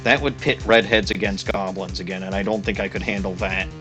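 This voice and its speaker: A man's voice: low-pitched, fairly even intonation, brisk, pushed and bright, soft background music. A man giving casual, brash and profane commentary while playing a game. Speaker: let's play host.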